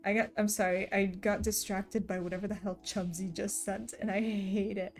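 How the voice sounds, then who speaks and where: Chatty, giggly woman streamer, mellow voice. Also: medium pitch, flat delivery, moderate pace, soft background music. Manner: chatty and giggly, often laughing. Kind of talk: casual chat while reading chat aloud.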